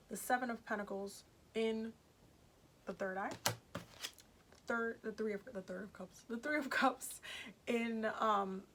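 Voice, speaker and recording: A woman's voice: medium pitch, background noise. A woman giving a casual, chatty tarot reading to her viewers, emphatic and repeating herself, with many fillers. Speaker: tarot reader.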